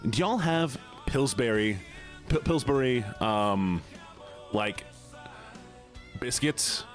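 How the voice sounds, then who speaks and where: A young man from the United States, a streamer reading chat aloud casually, animated and laughing often. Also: mid-range voice, takes it slowly, faint music behind.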